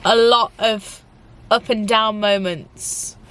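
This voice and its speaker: A woman's voice: mid-range voice, fairly even intonation, takes it slowly, a bit bright, smooth. A young woman talking in a casual, emotional vlog, rambling with lots of fillers. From England. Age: young adult. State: tearful at times. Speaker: YouTuber.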